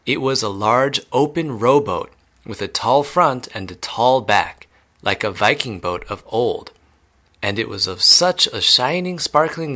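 A man reading a children's novel aloud clearly and steadily, as an English teacher. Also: mid-range voice, pushed and bright.

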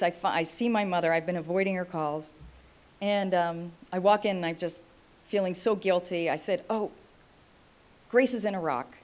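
Animated storytelling woman at a conference. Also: fairly low pitch. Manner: animated storytelling with acted quotes. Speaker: keynote speaker, former state official. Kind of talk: anecdotal conference speech.

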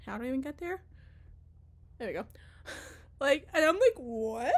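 A woman's voice: high-pitched, big pitch swings, normal speed. A young woman chatting casually in a vlog, bubbly and giggly, rambling, a little out of breath. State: out of breath from dancing. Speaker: vlogger and teacher. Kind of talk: casual chat.

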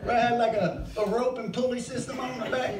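A man's voice: very high-pitched, little pitch movement, a little fast, over a noisy crowd. A middle-aged man doing open mic stand-up, rambling and swearing freely. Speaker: stand-up comic. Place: bar stage. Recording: echoey bar, mic far off.

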